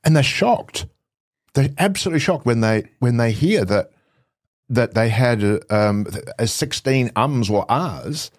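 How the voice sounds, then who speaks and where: A man who works as a presentation coach and voiceover artist, answering interview questions casually and telling anecdotes with expressive shifts in pitch and pace. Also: unhurried, no room sound, studio quality.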